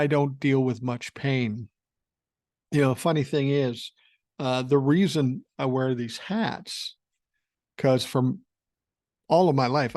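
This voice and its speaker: A man's voice: medium pitch, darkish tone, no echo, clean studio sound. Blunt, swearing older man hosting a podcast. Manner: blunt, profane, rambling storyteller. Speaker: podcast host. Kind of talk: casual podcast talk reading listener email.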